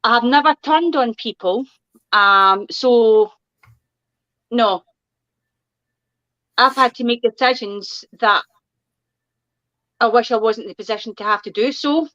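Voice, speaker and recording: A woman's voice: a little high, a little slow, long pauses, bright, forceful tone, lo-fi sound. A woman appearing as a guest on a chat show, firmly answering criticism with a string of rhetorical questions. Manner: firm, defends herself with rhetorical questions.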